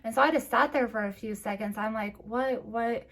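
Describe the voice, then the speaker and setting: A young woman vlogger, teary, telling a personal story in a halting way with many restarts. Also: fairly high pitch, fairly bright tone.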